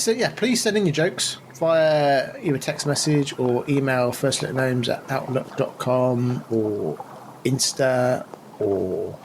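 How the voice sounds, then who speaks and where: A man co-hosting a podcast in casual chat, with a lively, swooping way of talking. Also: a little high, a little hiss or hum. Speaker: podcast co-host.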